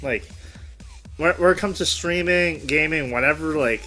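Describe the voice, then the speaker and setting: A man's voice: on the high side, moderate pace. A man hosting a casual interview, rambling and correcting himself as he talks. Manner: rambling, animated, self-correcting. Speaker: host. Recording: background music.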